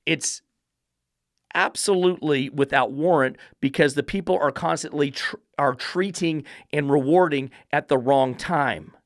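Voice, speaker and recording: A man hosting a dog-training podcast talks a little slowly but stays blunt, combative and profane, at times mimicking baby talk in a mocking falsetto. The audio is studio quality, free of room sound.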